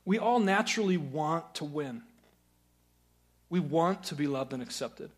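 Earnest preaching man, fairly high voice. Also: lively intonation, unhurried, breathy edge. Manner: earnest, swings from loud urging to hushed questioning. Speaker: pastor. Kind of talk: sermon.

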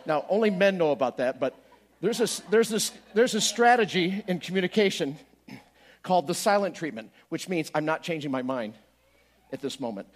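Barwny, ożywiony kaznodzieja, mężczyzna. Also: male voice, a little high, moderate pace. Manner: animated, swings from quiet to loud, acts out his own prayers. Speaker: pastor. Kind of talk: sermon storytelling.

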